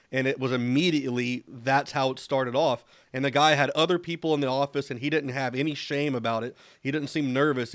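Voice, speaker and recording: A man with a mid-range voice hosts an interview, chatting casually and rambling through a story with plenty of fillers. The sound is dry and close, with no room echo. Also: medium pitch. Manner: conversational and rambling, many fillers. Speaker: show host, interviewer. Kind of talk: casual interview, anecdote telling.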